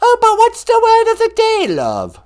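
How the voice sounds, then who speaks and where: Man doing a shrill, bossy old English royal granny, loud falsetto, all over the place. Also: wildly swooping pitch, normal speed, full character voice. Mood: chirpy. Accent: put-on English. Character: shrill scolding elderly royal grandmother.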